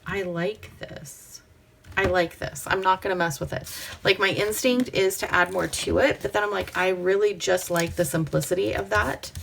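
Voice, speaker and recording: This is casual crafting vlog chat from a host from the Pacific Northwest, delivered at a moderate pace in a steady mid-range voice with vocal fry. She talks to viewers and to herself as she works, occasionally whispering softly, over a little hiss or hum.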